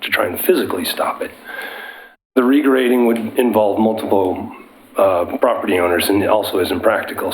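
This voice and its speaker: A man with a cold and a gravelly voice, an engineer explaining a landslide problem at a public meeting. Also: lowish voice, a little hiss or hum, low-quality recording. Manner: explanatory, technical, some restarts. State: has a cold. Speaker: geotechnical engineer presenting.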